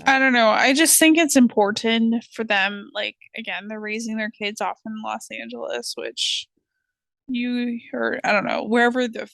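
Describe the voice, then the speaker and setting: Young woman co-host, plain-spoken and blunt, a touch higher voice, dry mic. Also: steady tone, moderate pace, creaky, a bit bright, no echo. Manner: blunt, swears casually. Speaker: podcast co-host. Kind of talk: casual chat.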